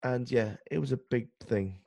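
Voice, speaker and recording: A man's voice: medium pitch, moderate pace, gravelly, darkish tone. A man with an English accent co-hosting a podcast, chatting casually, hesitant and self-deprecating. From England. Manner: hesitant, lots of ums and uhs, self-deprecating. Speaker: podcast co-host.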